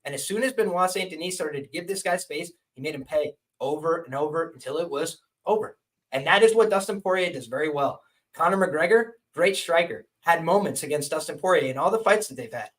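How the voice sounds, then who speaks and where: A man's voice: a little high, lively intonation, brisk, distant mic, rough recording. A man hosting a live-stream podcast, emphatically arguing his fight analysis and acting out what fighters think. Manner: emphatic, argumentative, acts out fighters' thoughts. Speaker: MMA betting analyst, podcast host.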